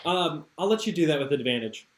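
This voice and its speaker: A man's voice: on the high side, a little fast, noisy background. A man running a tabletop game as game master, laughing often. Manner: laughing often, relaxed with fillers. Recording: echoey room.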